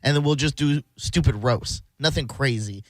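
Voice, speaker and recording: A man's voice: mid-range voice, normal speed, no echo. A man hosting a radio show, rambling through a family story in a casual on-air chat and laughing as he talks. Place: radio studio.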